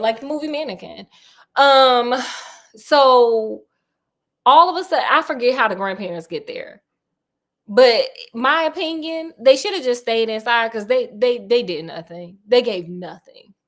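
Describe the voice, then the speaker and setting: A woman casually retelling a horror novel, animated and slangy, full of joking asides to her listener. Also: sits high. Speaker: storyteller.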